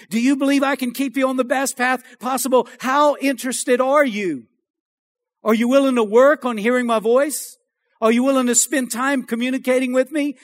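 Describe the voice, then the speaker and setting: A male pastor preaching a sermon in a church, calling out to the congregation for amens and rising to shouts. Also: extremely high pitch. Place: church sanctuary.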